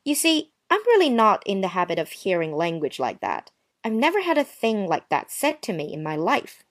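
A woman's voice: mid-range voice, huge pitch swings, normal speed. A woman voicing a touchy, prim young woman who answers with sarcastic, wounded politeness in a dramatized story. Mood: offended. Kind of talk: dramatized short story reading.

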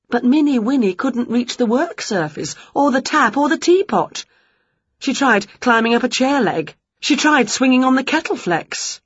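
A woman reading a children's picture book aloud with expressive delivery. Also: high-pitched, moderate pace, breathy edge, no room sound, dull audio. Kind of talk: storybook read-aloud.

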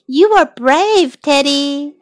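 A woman voicing a small girl doll toy who talks brightly and warmly to her friend. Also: high-pitched, lively intonation, slow, no echo, studio quality.

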